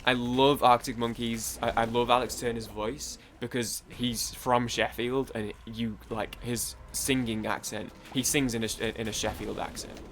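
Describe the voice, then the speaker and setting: A man's voice: medium pitch, level tone, a little slow, hardly any pauses, a bit bright, a little hiss or hum. A young man with a Mancunian accent chatting casually while gaming, rambling, stammering, repeating words and swearing freely. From Manchester, England. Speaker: gaming streamer.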